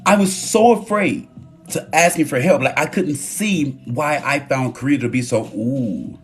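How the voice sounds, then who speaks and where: A man's voice: mid-range voice, a little slow, faint music behind. A man from Houston, Texas, talking casually and candidly on a phone live stream, emphatic and swearing freely. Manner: animated, emphatic, candid with profanity.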